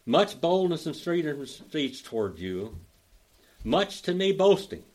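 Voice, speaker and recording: A man's voice: a little high, big pitch swings, a little mellow. Folksy older Oklahoma man teaching. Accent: Oklahoma Southern. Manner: folksy, drawling, spells out grammar slowly. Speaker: Bible teacher. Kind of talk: teaching a Greek Bible study.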